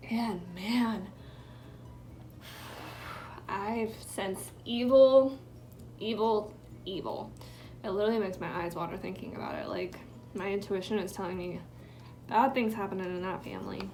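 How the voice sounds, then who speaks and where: A woman's voice: mid-range voice, fairly even intonation, unhurried, long pauses, background noise. A young woman chatting in a rambling, filler-heavy way while doing her makeup at home, sometimes dropping into a whisper. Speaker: vlogger. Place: indoors at home.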